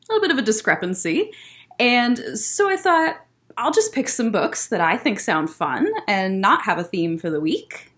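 A young woman hosts a library story time, reading a picture book aloud to small children. Her voice sits a little high and swings widely in pitch. She talks in a chatty, bouncy way. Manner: animated, bouncy delivery. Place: in a public library.

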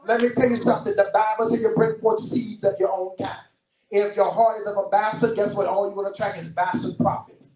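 A male preacher giving an animated sermon, full of storytelling and repeated phrases. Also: sits high, fairly quick. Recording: roomy distant church recording.

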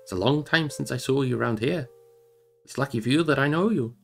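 A man's voice: medium pitch, a little fast, vocal fry, a bit bright, faint music behind. A man voicing a stout, blustering hobbit farmer in a hearty, rustic manner for a storybook reading. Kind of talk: storybook character voice.

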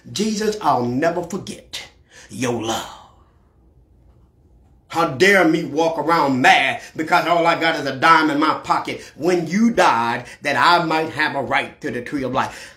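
Fiery preaching pastor in an echoey church. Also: male voice, on the high side. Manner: preaching with sudden shouted climaxes. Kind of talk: sermon. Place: church sanctuary.

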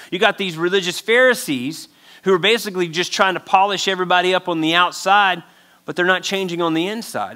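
A man's voice: sits high, pushed and bright. A male pastor preaching a sermon in an emphatic, conversational way, acting out little quotes.

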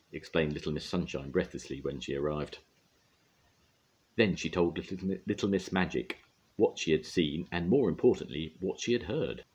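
An older man gently and expressively reading a children's story aloud. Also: rumbling low, moderate pace, husky. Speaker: storyteller grandad.

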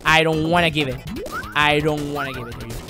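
A man whose first language is Spanish, streaming a game live with excitable, theatrical commentary that jumps from muttering to yelping. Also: fairly high pitch, brisk. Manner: excitable and theatrical, swinging between mutters and yelps. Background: game music.

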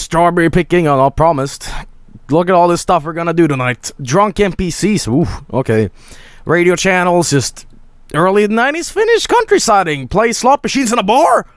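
Streamer, male, a bit high-pitched, crude joking rambles, dry close sound. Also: no echo. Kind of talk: casual gameplay commentary.

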